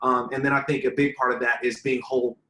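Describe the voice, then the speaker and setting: A man's voice: medium pitch, flat delivery, fast talker, bright, forceful tone. Earnest rambling man in a roomy room. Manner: earnest, rambling, many fillers. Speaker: relationship content creator, guest. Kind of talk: casual interview answers. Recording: roomy echo.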